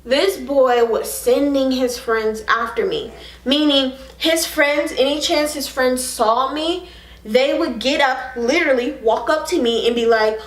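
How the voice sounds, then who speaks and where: Young woman spilling the tea on camera, lots of "like", kinda high voice, echoey room. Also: measured pace. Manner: animated, frank, heavy on fillers. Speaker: vlogger. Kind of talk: casual storytime to camera.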